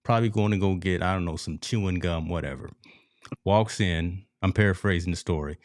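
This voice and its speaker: A man's voice: low-pitched, brisk, no echo, clean studio sound. A man co-hosting a casual sports talk show, telling stories animatedly and addressing the listeners as folks. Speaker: podcast co-host.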